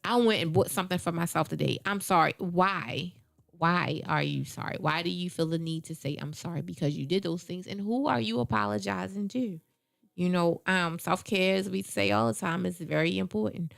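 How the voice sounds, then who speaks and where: A woman's voice: fairly low pitch, moderate pace, gravelly, no echo, studio quality. A woman hosting a radio talk show, chatting casually and emphatically, repeating herself and acting out quotes.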